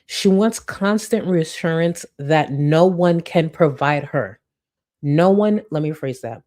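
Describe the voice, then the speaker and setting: Slow, scornful low-voiced woman commentator. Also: mellow. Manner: blunt, scornful, slows for emphasis. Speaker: commentary channel host. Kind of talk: commentary on a video.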